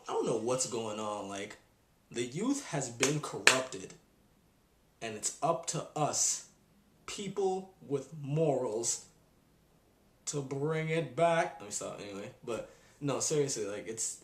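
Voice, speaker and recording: A young man ranting on his video blog in an exasperated, animated way. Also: mid-range voice. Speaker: vlogger. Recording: echoey room.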